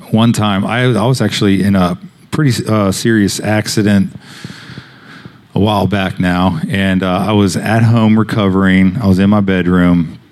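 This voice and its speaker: A man's voice: lowish voice, darkish tone. A man preaching a sermon, telling a personal story in a loose, conversational way with many fillers and restarts. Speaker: pastor.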